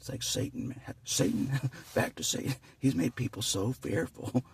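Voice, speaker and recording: A man's voice: medium pitch, expressive, moderate pace, far from the mic, slight background noise. A man vlogging in a rambling, casual monologue, chuckling often between phrases and repeating himself.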